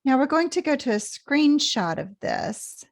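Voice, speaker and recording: A woman teaching pronunciation, speaking very slowly and repeating each phrase with patience. Her voice carries a gravelly fry. The recording is dry and close, with no room sound. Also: sits high, sing-song, no room sound. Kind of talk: slow explanatory lesson.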